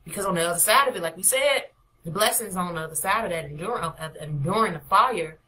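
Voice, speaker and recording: A woman's voice: lowish voice, expressive, fast, sharp tone, a little hiss or hum, poor audio. A young adult woman, a prophetic minister, preaching an informal devotional with emphatic, repetitive exhortations.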